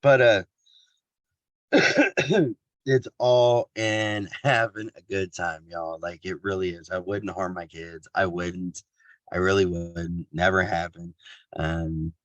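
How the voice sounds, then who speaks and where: A man's voice: deep voice, fairly even intonation, slow, pauses often, no room sound. A man from Kansas giving a casual motivational talk on a video call, joking at his own expense and laughing often.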